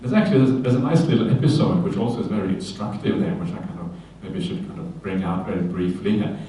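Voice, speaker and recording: A man, a Buddhist monk, speaks to a retreat audience in a mellow, unhurried, chatty way, dotting his teaching with "uh" and "yeah?". He sounds distant from the mic. His voice rings through a very echoey hall. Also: low voice, slight background noise. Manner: conversational, many fillers and "yeah?" tags, animated in quoted voices. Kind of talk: Dharma talk at a retreat.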